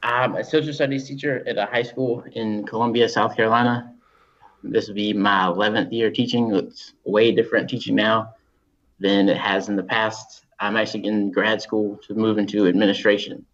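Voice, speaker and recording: Brief: male teacher guest, relaxed and monotone, lo-fi remote audio. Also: on the low side, normal speed. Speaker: podcast guest, high school teacher. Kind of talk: casual interview talk.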